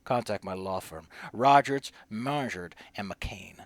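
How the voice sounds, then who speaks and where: A man voicing a weary, hard-drinking man who leaves a grim recorded farewell, speaking low and half-whispering. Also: takes it slowly.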